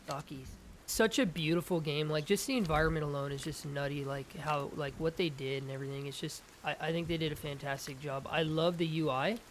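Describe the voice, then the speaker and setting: Young male gaming host, excitable let's-play chatter, slightly higher voice, faint background ambience. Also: a little hiss or hum. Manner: excitable, talks to his game companion. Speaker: gaming YouTuber.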